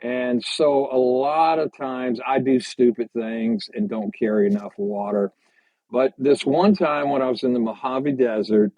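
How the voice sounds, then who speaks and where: Halting older man telling trail stories. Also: mid-range voice, darkish tone, no room sound. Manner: halting, unhurried storyteller. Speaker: podcast guest, hiker. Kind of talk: casual interview storytelling. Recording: slightly dull lo-fi sound.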